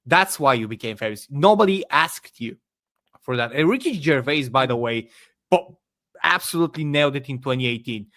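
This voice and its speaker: A man speaking as a podcast guest, giving forceful opinions with frequent hesitations. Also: medium pitch, animated, moderate pace, no echo. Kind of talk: casual online debate chat.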